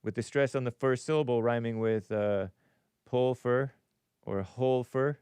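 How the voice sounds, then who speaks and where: A man's voice: mid-range voice, steady tone, a little slow, darkish tone, clear, resonant tone, no echo. A man hosting a live call-in stream, musing aloud with frequent chuckles and reading viewer comments.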